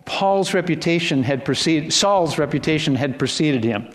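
A middle-aged man retells a scripture story as a sermon in a relaxed, talky way. He stumbles, restarts and wanders into asides. His voice sits a little higher than most men's. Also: normal speed, few pauses. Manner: conversational, with frequent restarts and asides. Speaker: preacher.

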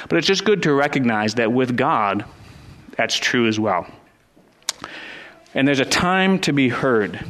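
A man's voice: medium pitch, fairly bright tone. A middle-aged man preaching a sermon as pastor, earnest and building to fervent emphasis, with frequent restarts.

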